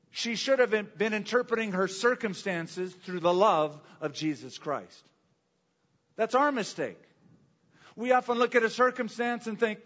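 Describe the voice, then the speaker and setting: A man preaching a sermon, reading scripture and asking rhetorical questions with dramatic pauses. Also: high-pitched, fairly bright tone, big-room sound, muffled recording. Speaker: pastor.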